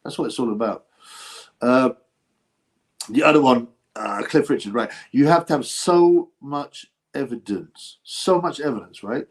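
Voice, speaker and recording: A man hosting a casual livestream, thinking out loud as he talks. His pitch sits right in the middle range for a man. He drifts from point to point, breaks off mid-sentence and turns to greet viewers in the chat. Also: a little slow. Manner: meandering, gossipy, asks himself questions and restarts often. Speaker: boxing channel host. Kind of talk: rambling livestream chat, answering viewer comments.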